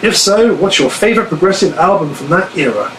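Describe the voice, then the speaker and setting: A man's voice: high-pitched, expressive, brisk, fairly bright tone. A man reading out fan questions in a casual live Q&A, chatty and self-deprecating, laughing easily. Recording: echoey room, faint noise.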